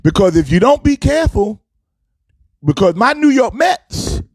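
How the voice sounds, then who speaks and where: A man's voice: extremely high pitch, very animated, measured pace, darkish tone, no room sound. A man hosting a casual sports talk show, fired up and preachy, with a sing-song delivery.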